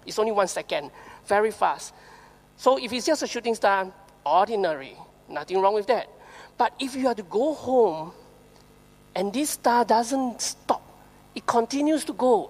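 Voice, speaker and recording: A woman preacher with a Singaporean English accent, giving a lively sermon with rhetorical questions and slowly read scripture. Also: medium pitch. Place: church hall. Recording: reverberant church hall.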